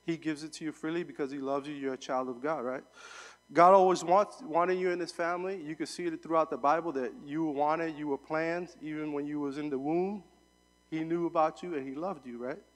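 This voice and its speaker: A young adult man giving a sermon as a guest preacher, telling a story in a relaxed, conversational way with fillers. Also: a little high, a little fast, in a large hall.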